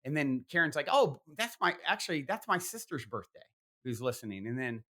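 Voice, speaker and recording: A man's voice: medium pitch, big pitch swings, brisk, bright, forceful tone. A man hosting a podcast, telling a long personal story in a rambling way with many fillers and restarts. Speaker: podcast host. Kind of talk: animated storytelling in conversation.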